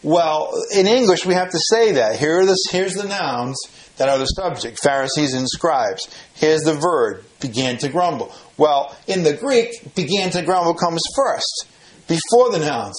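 A man's voice: a little high, expressive, unhurried, reverberant, crowd noise, rough recording. A man teaching verse by verse through a Bible passage, explaining grammar plainly, often restarting phrases and rising when he stresses a point. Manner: explanatory, repeats and restarts phrases, rises in emphasis.

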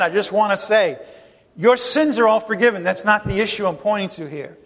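A man's voice: sits high, a bit bright, in a large hall. A man preaching a sermon, emphatic and full of rhetorical questions to the congregation. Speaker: pastor.

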